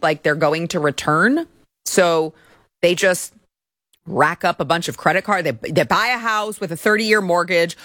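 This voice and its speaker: A woman's voice: fairly low pitch, fairly bright tone, no room sound, clean studio sound. A woman hosting an opinionated commentary show, speaking in a sarcastic and scornful way.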